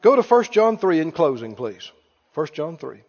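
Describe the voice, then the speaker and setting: A man's voice: a little high, very animated, moderate pace, a little mellow, long reverb tail, dull audio. A man preaching a sermon in a church, emphatic and calling out questions for the congregation to answer.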